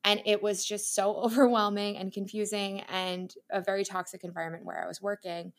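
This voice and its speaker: A young woman sits down as a podcast guest and talks through her story in a loose, conversational way. Her voice sits at an ordinary middle pitch. She is candid and chatty, laughing easily as she goes. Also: level tone, a little fast. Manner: chatty and candid, laughs often, lots of fillers. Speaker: interior designer and content creator, podcast guest. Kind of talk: casual interview storytelling.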